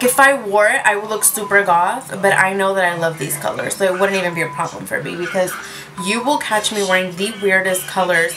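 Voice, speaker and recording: A woman's voice: medium pitch, background noise. A woman reviewing lipsticks in a casual, rambling chat from her room at home, dropping in Spanish words as she talks. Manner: rambling, chatty, self-mocking. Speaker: beauty vlogger reviewing lipsticks.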